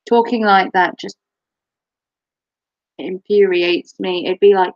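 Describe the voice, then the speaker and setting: A woman's voice: medium pitch, fairly even intonation, slow, muffled recording. A woman chatting casually on her live stream, giggling often and swearing freely. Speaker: livestreamer.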